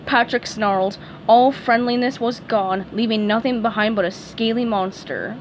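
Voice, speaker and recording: A woman reading a cartoon fan story aloud, slowly and carefully, with the odd stumble. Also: fairly high pitch, very noisy. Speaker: fan fiction reader. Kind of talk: storybook read-aloud narration.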